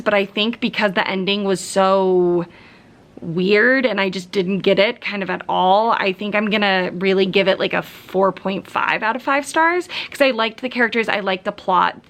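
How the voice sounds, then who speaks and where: A woman's voice: mid-range voice, fairly bright tone. Young woman book vlogger, chatty, gushing, casual vlog talk. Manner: chatty and gushing, lots of "really" and "like".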